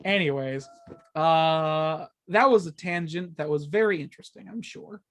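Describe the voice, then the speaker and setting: A man's voice: fairly high pitch, measured pace, fairly bright tone. A man co-hosting a gaming podcast in casual chat, joking around and laughing often. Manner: jokey, laughs often, slips into silly voices. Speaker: podcast co-host.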